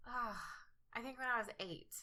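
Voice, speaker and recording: A woman's voice: on the high side, moderate pace, noisy background. A woman in her twenties co-hosting a podcast in casual chat, giggling often and telling stories with animation. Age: 20s. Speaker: podcast co-host.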